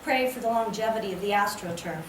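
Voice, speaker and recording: Woman reading poems, slow, mid-pitched, distant mic, noisy roomy library. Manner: slow, measured, lyrical delivery. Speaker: poet reading her work. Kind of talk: poetry reading. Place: public library reading event. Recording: echoey room, distant mic, background noise.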